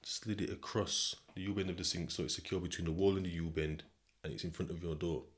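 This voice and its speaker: This podcast host is a British man whose voice sits low, with a steady tone and a quick pace. Casual and heavy on slang, he narrates a story addressed to "you," conversationally, often tossing in "do you know what I mean."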